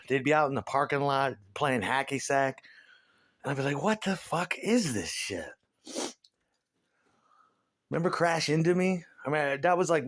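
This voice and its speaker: Profane ranting middle-aged man. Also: mid-range voice. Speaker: comedian. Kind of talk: stand-up rant.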